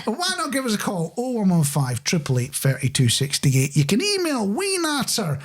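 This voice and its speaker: A man's voice: high voice, wildly swooping pitch, normal speed, noisy background. A man co-hosting a casual radio chat show, jokey and chatty, often laughing as he reads out listener messages.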